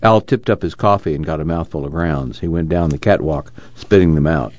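A man reading a novel aloud as audiobook narrator, expressive and measured. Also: a bass voice, dull audio.

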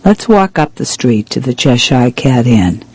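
A man reading aloud, voicing a brisk, curious young woman detective, lifting his pitch a little for her, still husky. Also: sing-song, darkish tone, dry recording, low-quality recording.

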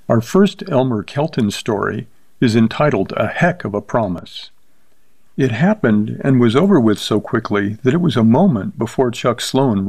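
A man reading a short story aloud with steady, measured narration. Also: lowish voice, dry recording.

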